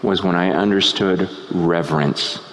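A man preaching a sermon at a tent meeting, moving from hushed, low musings to loud, shouting peaks. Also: a little slow. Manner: animated, swinging from hushed to shouting.

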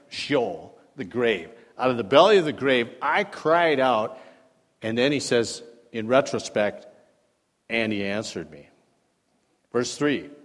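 A man preaching in a church, his voice carrying a long hall reverb. He teaches conversationally, reads scripture aloud and turns to his listeners with questions. His loudness rises and drops sharply between quiet asides and emphatic points. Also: mid-range voice. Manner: wide swings in loudness, dropping soft then rising emphatic. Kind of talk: sermon.

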